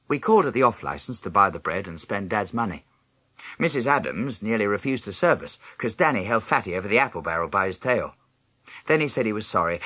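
A man narrates a children's story in the first person, his low voice swinging widely in pitch as he tells it. The tone is bright and slightly breathy. The recording is close and dry, with no room sound. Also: no echo. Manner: lively storytelling, jumping high in pitch for other characters' lines. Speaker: audiobook narrator.

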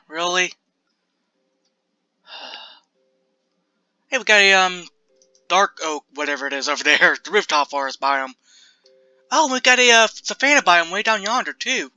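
A young man giving casual, chatty commentary while playing a building game, jumpy and self-mocking and quick to laugh. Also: sits high, sharp tone, no echo. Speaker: gaming video creator.

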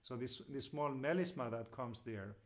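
Gentle man explaining devotional song. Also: medium pitch. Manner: gentle, explains slowly with many fillers and pauses, breaks into song. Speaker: teacher of devotional singing. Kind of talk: lecture with sung examples.

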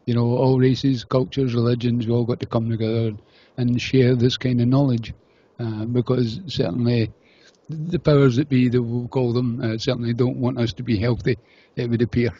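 A male radio host with a warm, husky voice, speaking loosely and padding his lines with uhs. The audio is dull and lo-fi. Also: mid-range voice, little pitch movement, moderate pace. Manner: loose, rambling delivery with many uhs. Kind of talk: radio interview hosting.

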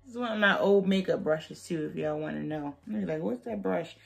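Sassy low-voiced woman with gravelly fry. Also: brisk, faint music behind. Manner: sassy, playful, jokes with viewers. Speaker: beauty vlogger. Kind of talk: chatty wig tutorial.

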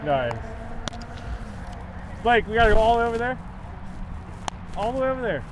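A man's voice: very high voice, sing-song, moderate pace, noisy background. A man who plays baseball, joking and chatting on a clip-on mic at outdoor training. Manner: joking, chatty, laughs often. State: out of breath. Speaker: baseball pitcher. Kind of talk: casual chat while training.

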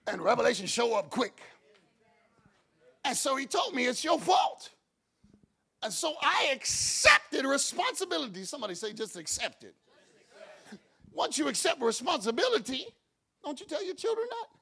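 A man preaching a sermon as pastor, moving from quiet talk to shouted preaching and acting out his own prayers and God's answers. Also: very high voice, sing-song, normal speed, vocal fry, long pauses, husky.

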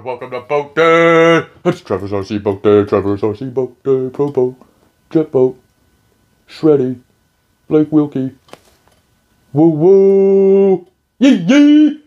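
Excitable man hosting an unboxing. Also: on the high side, highs cut off. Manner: excitable, jokey, rambling. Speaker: channel host, reviewer. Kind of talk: casual unboxing review.

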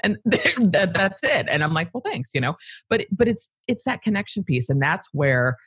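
A woman with a lower, slightly husky voice, talking as a podcast guest in lively casual chat. Her pitch swings widely as she laughs and tosses in quick asides, and the sound is dry and close. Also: dry recording.

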